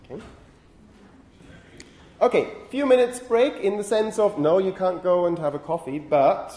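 A man's voice: high voice, unhurried, warm tone, reverberant. A male university lecturer explaining phonetics, often checking in with "okay?". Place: lecture hall.

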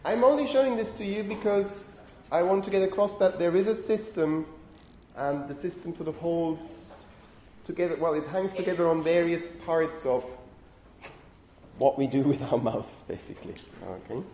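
A male university lecturer explains phonetics, often pausing to check in with "okay?". His voice sits a little high but sounds warm and mellow. The recording carries room echo and a faint hum of ambience. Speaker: linguistics lecturer.

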